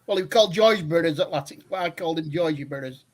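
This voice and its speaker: A man's voice: fairly high pitch, quick pace. An older man calling in to a fan phone-in, telling long rambling stories with many hesitations. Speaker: caller. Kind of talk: phone-in chat.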